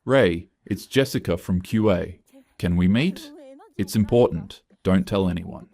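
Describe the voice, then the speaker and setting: A man reading the lines of a nervous, quiet woman who speaks with urgency. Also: very deep voice, unhurried, creaky, exaggerated voice. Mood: urgent. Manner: hushed, urgent. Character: nervous quiet young woman, former coworker.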